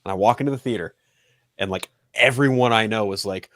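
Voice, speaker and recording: A co-host in a casual chat, telling a story with lively, acted-out quotes. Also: medium pitch, fairly quick, dry recording, clean studio sound.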